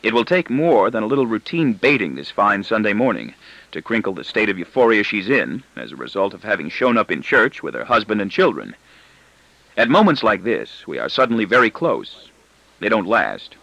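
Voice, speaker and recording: A male audiobook narrator with a wry, ironic first-person delivery. His pitch swings widely, his tone is bright, and the recording is dry and close. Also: big pitch swings, normal speed, creaky, no room sound, rough recording.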